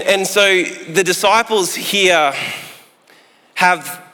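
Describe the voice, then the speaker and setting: A man, preaching a sermon in a relaxed, joking way with long pauses. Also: a little high. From Australia. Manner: conversational and jokey, with long pauses. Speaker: pastor. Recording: echoey hall sound.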